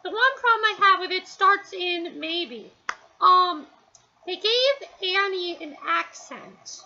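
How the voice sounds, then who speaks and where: A woman from New Jersey with a very high, bright, sharp voice talks through a review in casual, rambling fashion, pausing often on fillers. The recording is dull and lo-fi, with faint noise behind her. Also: lively intonation. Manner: rambling, hesitant, full of fillers.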